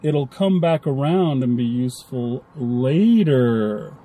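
A man's voice: mid-range voice, lively intonation, slow, mellow. A man co-hosting a casual podcast chat, rambling and acting out little quoted lines. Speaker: podcast co-host.

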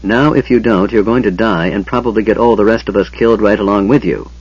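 A stern male half-elf warrior gives firm, clipped orders, as a man reading the story plays him. The voice is low and husky. The recording is dry and dull in a lo-fi way. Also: fairly even intonation, fast talker, dry recording. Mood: tense. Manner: firm, snappish, commanding. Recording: dull lo-fi sound.

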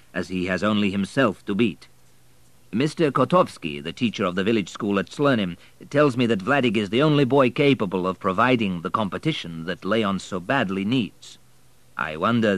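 A man's voice: lowish voice, fairly bright tone, no room sound. A man as a composed, courteous baron. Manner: measured, courteous. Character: aristocratic baron, middle-aged man, composed and kindly. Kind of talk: audiobook reading.

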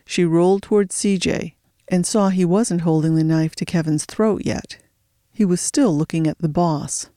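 A narrator reading a thriller audiobook in a steady storytelling voice, slowing for suspense. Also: mid-range voice, dry recording, clean studio sound.

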